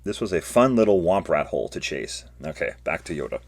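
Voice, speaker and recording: A man with a very low voice hosts a podcast, retelling a comic in a casual, excitable way. The sound is dry and close to the mic. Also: a little fast, slightly rough, no echo. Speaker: podcast host. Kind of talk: recapping a comic aloud.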